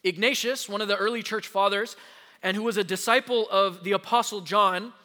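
A man pastor preaching a sermon to his congregation, emphatic and slowing down to stress key words, recorded in a church sanctuary. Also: high voice, steady tone, pushed and bright. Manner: addresses the congregation directly. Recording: long hall reverb.

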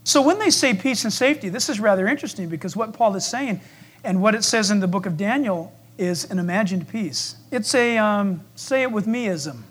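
Dramatic preacher, loud then hushed. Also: male voice, high voice, animated, moderate pace, husky. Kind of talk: sermon.

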